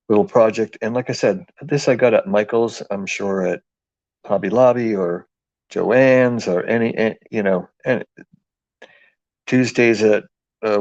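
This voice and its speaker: A man with a New England accent talks slowly through a live craft demonstration, his lowish voice gravelly with fry. He rambles and cracks jokes as he works. The sound is dull and lo-fi, and the room is dry. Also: a little mellow, no echo. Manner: rambling, jokey, thinks aloud while working. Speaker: craft livestream host.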